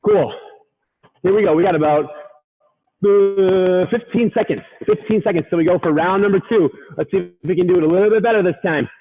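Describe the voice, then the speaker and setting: A man leads a live workout with a high, bright voice, counting reps and cheering the listener on. He gets winded between rounds. The sound is thin and tinny, like a phone line. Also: brisk, soft background music. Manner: upbeat, counting reps and urging on. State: out of breath at times. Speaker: fitness coach.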